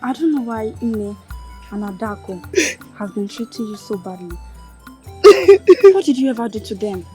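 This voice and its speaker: An actress playing a kind young woman who comforts a crying friend, with a Nigerian accent, gentle and coaxing. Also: mid-range voice, normal speed, pauses often, soft background music, natural voice. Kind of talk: Nollywood film acting.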